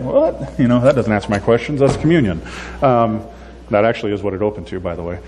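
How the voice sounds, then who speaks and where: A pastor delivers a conversational sermon in a fairly low voice, talking fast and acting out the voices of the complainers in his story with animated energy. The recording has a big-room sound and a little hiss or hum.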